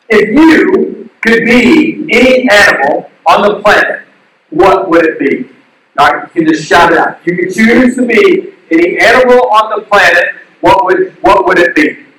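A male pastor giving a sermon in an animated way, asking the crowd questions and acting out the quotes he tells. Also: high-pitched. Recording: distant mic in a very echoey hall.

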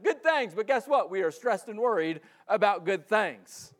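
High-voiced man preaching a casual sermon. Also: expressive, moderate pace. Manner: conversational preaching, acts out quoted voices. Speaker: pastor.

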